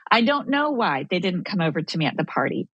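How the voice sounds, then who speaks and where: A woman's voice: lowish voice, big pitch swings, fast, a bit bright, husky, dry recording, lo-fi sound. A woman speaking as a guest expert on a podcast, earnest and coaching, acting out inner dialogue as she explains. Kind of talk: podcast conversation.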